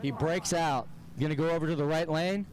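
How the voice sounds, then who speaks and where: A man from the Pittsburgh area announcing races at an outdoor drag strip over a loudspeaker, chatty and joking at his own expense. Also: a little high, a little fast, low-quality recording. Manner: jokey, chatty, self-deprecating. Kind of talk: live race commentary over a loudspeaker. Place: outdoor drag racing track. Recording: outdoor crowd noise behind.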